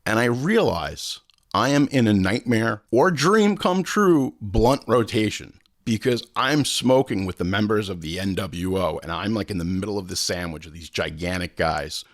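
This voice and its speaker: A man with a fairly low voice tells a rambling story in a loose, casual way, cursing freely and leaping way up in pitch whenever he acts out what someone said. The sound is dry and close, with no room around it. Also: moderate pace, no room sound. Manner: animated, swearing, acts out quotes with big pitch jumps. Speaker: podcast host.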